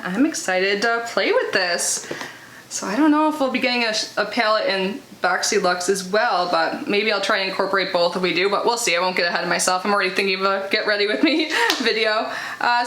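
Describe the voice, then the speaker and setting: A young woman with a medium-pitched, sharp-toned voice runs through an unboxing for her vlog. She's chatty and leans on filler words as she reads out the product blurbs, and the room sounds echoey with faint noise.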